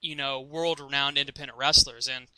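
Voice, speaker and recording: A man's voice: mid-range voice, steady tone, brisk, sharp tone, dry recording. A man interviewing a guest in a casual conversation, giving short acknowledgements and filling in background for listeners. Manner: brief attentive acknowledgements, explains for listeners. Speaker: interviewer, show producer.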